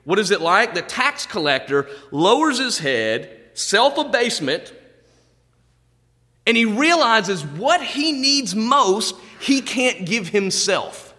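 Animated male preacher in a reverberant hall. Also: slow pace. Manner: animated preaching, pitch jumping high on emphasis. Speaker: pastor. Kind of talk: sermon. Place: church sanctuary.

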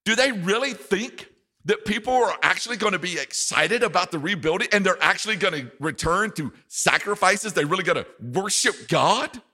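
A man's voice: sits high, animated, very fast, hardly any pauses, sharp tone, voice pushed up, full character voice. A man preaching as he voices a scornful enemy who mocks believers with taunting questions. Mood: mocking.

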